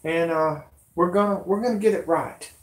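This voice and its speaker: A man's voice: on the high side, normal speed, reverberant. A man ranting on his own news vlog, rambling, folksy and cussing. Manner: angry, rambling, folksy, cusses. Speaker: amateur news vlogger.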